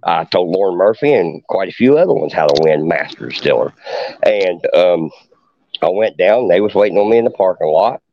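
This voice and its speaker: A man's voice: low voice, expressive, a little fast, slight background noise. A middle-aged man, a podcast guest telling a long story in a boastful, profane hillbilly way. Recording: dull lo-fi podcast audio.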